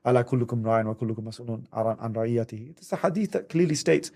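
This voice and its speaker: Animated man, podcast counsellor. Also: fast talker. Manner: animated, acts out quotes with high voices. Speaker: Islamic family counsellor. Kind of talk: podcast conversation.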